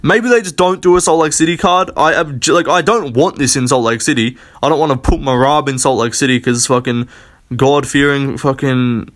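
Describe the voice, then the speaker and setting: Young man, casual solo rant, profane, blunt, rambling, mid-pitched voice, lots of fillers. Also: moderate pace. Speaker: MMA commentator.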